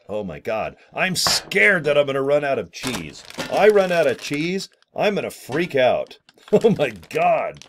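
A middle-aged man talking casually to camera, joking and exaggerating in a playful rant. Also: on the low side. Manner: playful, exaggerated, jokey rants. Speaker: vlogger promoting products.

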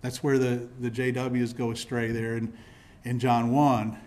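A pastor preaching a sermon in church, explaining scripture in a teaching manner with frequent restarts and repeated words. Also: male voice, mid-range voice, little pitch movement, unhurried, darkish tone. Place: church sanctuary.

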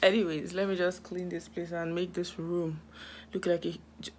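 A woman's voice: lowish voice, level tone, normal speed, a little mellow, a little hiss or hum. A Nigerian woman chatting casually in a home vlog from her bedroom, full of dramatic asides and sometimes dropping to a whisper. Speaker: vlogger.

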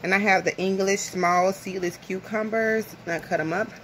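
A woman from the American South talks to her phone camera while eating lunch at home. Her voice is bright and forward, and she rambles from one thought to the next. Faint room noise sits behind her. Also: medium pitch, steady tone, normal speed. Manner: chatty, rambling, nervous laughter. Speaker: vlogger. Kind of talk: casual chat to camera.

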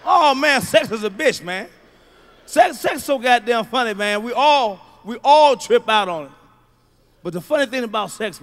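A male stand-up comedian, delivering a profane routine with shouted punchlines. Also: high voice, gravelly.

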